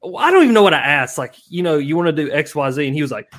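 A man's voice: a little high, rapid-fire. A man hosting a casual fishing live stream, rambling and laughing as he tells stories. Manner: rambling, laughs often, animated storyteller. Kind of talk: casual chat.

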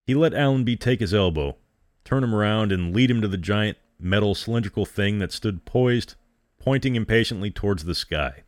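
A male storyteller reading a dramatic story aloud, measured and dramatic. His voice is very low and deep. The recording is dry and close. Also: lively intonation, dry recording. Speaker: storyteller host.

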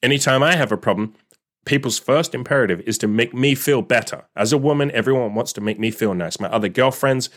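A man's voice: mid-range voice, brisk, a bit bright. A young man giving blunt, casual dating advice in a solo monologue, swearing freely and acting out what others would say. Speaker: dating coach.

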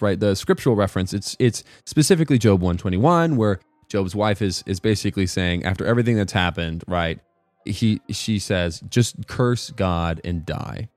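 A man's voice: on the low side, a little mellow, no echo. A man giving a casual devotional talk, rambling and correcting himself, often checking in with "right?". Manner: rambling, self-correcting, keeps asking "right?". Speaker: worship music commentator.

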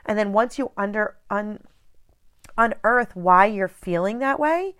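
A woman's voice: medium pitch, animated, unhurried, fairly bright tone, smooth. A woman in her thirties hosting a casual motivational talk, speaking in a direct, earnest and conversational way. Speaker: host.

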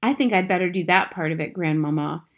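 In a storybook reading, a woman voices an eager young boy who has been turned into a mouse and is excitedly asking questions. Her voice is lowish and her pace quick.

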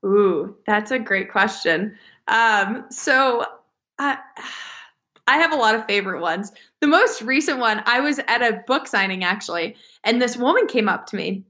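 A woman in her thirties, a guest in a casual interview, telling animated stories and acting out the voices of people in them. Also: a little high, a little slow. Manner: animated, acts out quoted voices. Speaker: interview guest, naval aviator and author.

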